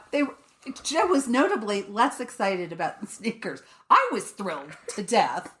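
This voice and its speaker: A woman's voice: medium pitch, very animated, unhurried, fairly bright tone, a little hiss or hum. A woman co-hosting a podcast, telling a story in casual chat, swearing freely and laughing often. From Colorado, USA. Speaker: podcast co-host.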